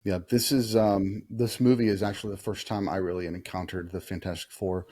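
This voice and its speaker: A man with a fairly low, warm, mellow voice hosts a relaxed movie chat. He speaks easily, quizzes the kids with questions, and often pauses with "uh" as he thinks. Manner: easygoing, asks kids questions, many "uh" pauses. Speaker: podcast host talking with kids.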